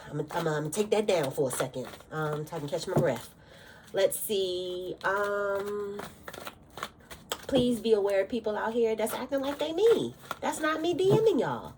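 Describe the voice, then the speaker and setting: A woman's voice: on the low side, very noisy. Blunt, cursing woman tarot reader. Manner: blunt, fiery, cursing often. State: bothered by allergies. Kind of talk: casual general tarot reading.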